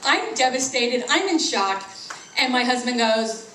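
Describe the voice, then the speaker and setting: Middle-aged female comic, fairly high voice, roomy live sound from off-mic. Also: a little slow, far from the mic, slight background noise. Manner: animated, acts out quoted voices with big pitch jumps. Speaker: stand-up comedian. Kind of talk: stand-up comedy. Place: small tea house open mic.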